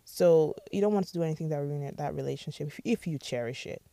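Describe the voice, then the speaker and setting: A woman's voice: sits low, fast talker, warm tone, no echo. A woman hosting a podcast, giving casual advice in a chatty way and often checking in with "all right?". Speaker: podcast host.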